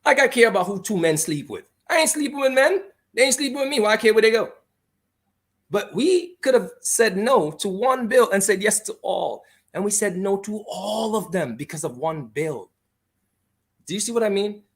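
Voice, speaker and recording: Impassioned man, lively pitch. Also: moderate pace. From Grenada. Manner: impassioned, emphatic, argumentative. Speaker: radio guest. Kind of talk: radio talk show discussion.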